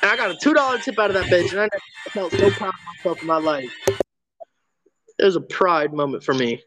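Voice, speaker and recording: A young man hosting a podcast, telling crude stories in an animated way and swearing freely. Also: high-pitched, brisk, over music. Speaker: podcast host. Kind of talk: casual storytelling chat.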